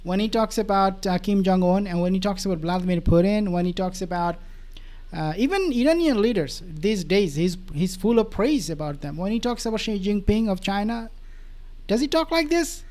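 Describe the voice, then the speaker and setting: Animated, mocking male commentator. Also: sits high, moderate pace. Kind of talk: political commentary.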